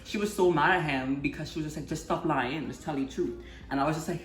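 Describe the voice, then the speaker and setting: A Trinidadian woman in her twenties telling stories and chatting casually while she cooks, going quiet for cooking asides. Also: deep voice, quick pace, reverberant. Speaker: channel host cooking. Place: home kitchen.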